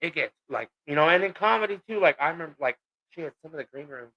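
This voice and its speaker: A man's voice: on the high side, expressive, fast talker, pushed and bright, lo-fi sound. A man chatting casually on a podcast, telling rambling stories full of fillers and swearing. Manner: profane, rambling storytelling with many fillers. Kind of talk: casual chat.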